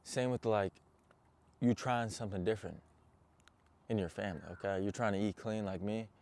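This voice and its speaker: A man's voice: fairly low pitch, fairly even intonation, moderate pace, darkish tone. A young man, a motivational coach, talking earnestly and intensely straight to his viewers. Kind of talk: personal motivational talk to camera.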